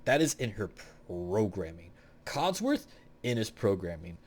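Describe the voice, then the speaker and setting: A man's voice: fairly low pitch, very animated, unhurried. A young man hosting a casual tier-list video, rambling through blunt opinions with plenty of swearing. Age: young adult. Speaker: gaming video host.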